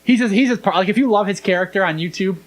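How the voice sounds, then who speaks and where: A man's voice: high-pitched, quick pace. A young man hosting a podcast, casually retelling scenes and acting out the lines. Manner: animated storyteller, acts out quoted lines. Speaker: podcast host. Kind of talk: casual chat.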